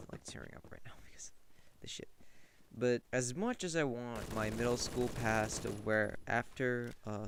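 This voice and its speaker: A man's voice: mid-range voice, background noise. A young man giving casual, rambling commentary on a game, often filling gaps with "like". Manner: rambling, heavy use of "like". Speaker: gaming commentator.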